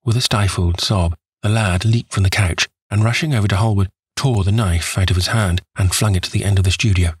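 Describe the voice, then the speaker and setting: Husky low-voiced male narrator. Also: no room sound. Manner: measured, expressive reading. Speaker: audiobook narrator. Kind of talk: scripted narration. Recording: dry close studio voice.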